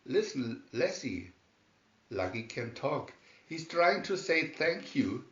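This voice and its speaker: A man voicing an earnest young farm boy in a read-aloud storybook, with eager, excited calls. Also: mid-range voice, slow. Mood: friendly. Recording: roomy, dull lo-fi sound.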